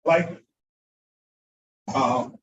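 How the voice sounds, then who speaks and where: A man teaching an Arabic class, lively and repeating words for drilling. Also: drawn-out words, lo-fi sound, a little hiss or hum. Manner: animated, acts out mispronunciations, repeats words for drilling. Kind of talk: classroom lecture. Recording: echoey room, voice from far off.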